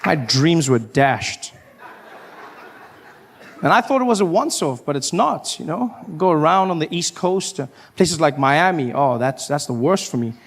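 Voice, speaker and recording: A South African comedian on stage, telling stories with a wry, self-mocking edge and slipping into characters. His voice sits fairly high. A faint hum runs under the live recording. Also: expressive, unhurried. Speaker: stand-up comedian. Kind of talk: stand-up comedy set.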